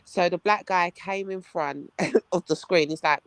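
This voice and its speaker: A man chatting casually on a podcast, telling a story in animated bursts and calling his listener "bro". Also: high voice, a little fast, smooth, no room sound. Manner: animated, calls listener "bro", acts out quoted voices. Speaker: podcast co-host.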